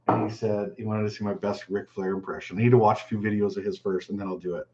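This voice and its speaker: A relaxed man with a lowish voice hosts a casual live stream, reading out viewer questions and answering them offhand. The sound is a little dull and lo-fi. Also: fast talker, a little hiss or hum. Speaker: fishing channel host answering live chat.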